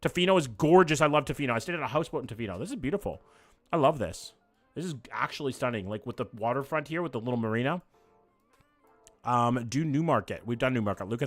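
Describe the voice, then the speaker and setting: A man, chatting casually and quickly as he reacts to places live on stream and talks to his chat. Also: mid-range voice, lively intonation, fairly bright tone, faint music behind. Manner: fast, casual, swears freely.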